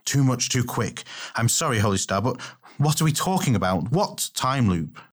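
A man's voice: medium pitch, animated, normal speed, natural voice. A man voicing a practical, frank male warrior who is a little impatient, in an audiobook. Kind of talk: audiobook character reading.

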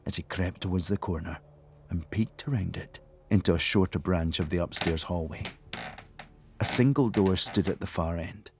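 A man narrating an audiobook thriller in a measured, tense storytelling manner. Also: low voice. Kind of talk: scripted narration.

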